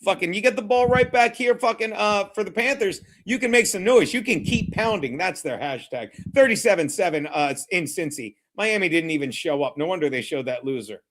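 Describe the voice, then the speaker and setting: Profane live sports commentary comes from a man hosting a football watchalong stream, who mocks, rambles, reads chat, and calls plays with loads of swearing. His voice is high-pitched and a bit bright, with lively intonation and a slightly fast pace.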